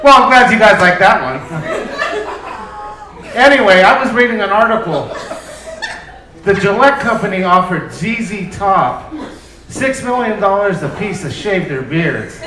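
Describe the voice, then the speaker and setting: A man's voice: high voice, lively intonation, a little slow, long pauses. A man performing a loose, profane, self-deprecating stand-up comedy set on a club stage. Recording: echoey club with crowd laughter. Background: audience laughter.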